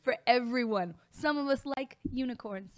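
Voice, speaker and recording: Female co-host, casual chat, explains for newcomers, laughs easily, higher-pitched voice. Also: moderate pace, dry recording. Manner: laughs often, explains for newcomers, playful quotes.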